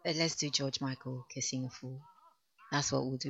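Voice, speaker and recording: Low-voiced woman radio host. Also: fairly even intonation, moderate pace. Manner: frank and teasing, laughs at listeners' views. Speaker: late-night radio host. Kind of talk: casual radio talk between songs. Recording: muffled lo-fi radio broadcast.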